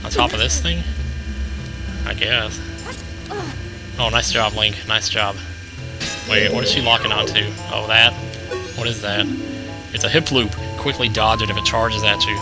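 Excitable young man narrating gameplay. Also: on the low side, moderate pace, pauses often, low-quality recording. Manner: excitable, jokey, thinks aloud. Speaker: let's play commentator. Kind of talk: casual gameplay commentary. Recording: game music playing behind voice.

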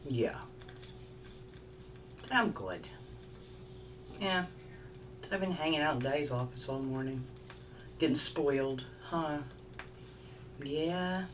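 Middle-aged woman, deep voice, homey pet chat, distant mic with noise behind. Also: takes it slowly, pauses often. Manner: coos and baby-talks to her bird. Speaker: craft vlogger. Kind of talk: casual chat to pet parrot and viewers. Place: at home with her parrot.

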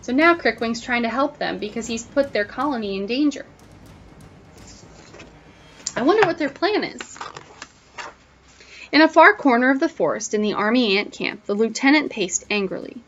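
A woman teacher reading a picture book aloud, pausing to wonder aloud to her listeners, on a dull lo-fi recording. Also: fairly high pitch, expressive, a bit bright, a little hiss or hum.

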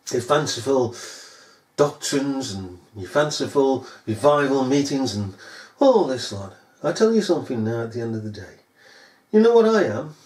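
A man's voice: medium pitch, a little mellow. A man preaching a sermon in a scornful, sarcastic manner. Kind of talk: recorded sermon. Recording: echoey room.

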